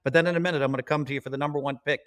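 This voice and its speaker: A man's voice: mid-range voice, steady tone, very fast, a bit bright, clean tone. A man hosting a podcast, steering the conversation and calling on the others. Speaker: host. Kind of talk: moderating podcast talk.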